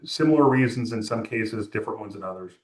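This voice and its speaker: A man's voice: on the low side, quick pace, darkish tone. A music photographer from California, a man, chatting as an interview guest and rambling through anecdotes with quoted dialogue. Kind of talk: relaxed interview storytelling. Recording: roomy echo.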